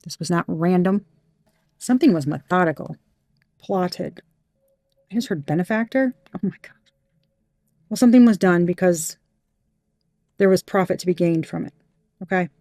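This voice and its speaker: A woman's voice: on the low side, normal speed, long pauses, mellow, dry recording, studio quality. A woman giving a tarot reading to her viewers, emphatic and heated, swearing freely. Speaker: tarot reader.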